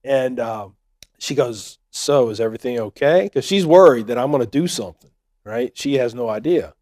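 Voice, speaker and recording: A man's voice: mid-range voice, lively intonation, moderate pace, a little mellow. A man telling a funny personal story in a chatty, joking way, often checking in with his listeners. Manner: joking, chatty, keeps saying right. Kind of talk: storytelling talk.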